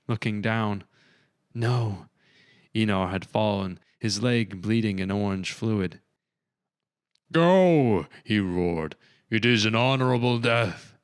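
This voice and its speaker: A male audiobook narrator who reads with steady, measured storytelling. His low voice is smooth and resonant. The sound is dry and close, with no room around it. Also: dry recording. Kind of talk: scripted narration.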